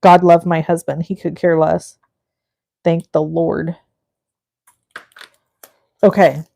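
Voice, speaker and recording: A woman's voice: lowish voice, level tone, takes it slowly, creaky, mellow. A middle-aged woman hosting a live crafting stream, chatting with viewers in a gushing, effusive way as she works. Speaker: crafting livestream host.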